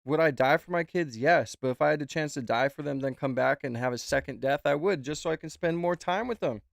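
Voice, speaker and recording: A man's voice: a little high, brisk, vocal fry, dry recording. Guy streamer reacting to clips, rambly and cussing a lot, dry close sound. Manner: rambling, swears freely. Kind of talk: casual reaction chat.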